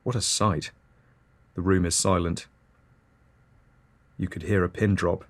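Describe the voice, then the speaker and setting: A man's voice: deep voice, steady tone, measured pace. A man hosting an absurdist comedy podcast, reading scripted nonsense in a dry, matter-of-fact way. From Britain.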